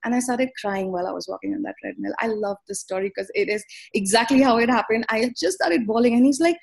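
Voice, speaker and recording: A woman's voice: a little high, quick pace, gravelly, slightly rough. Earnest woman giving a motivational talk. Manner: earnest, animated storytelling. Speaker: guest speaker.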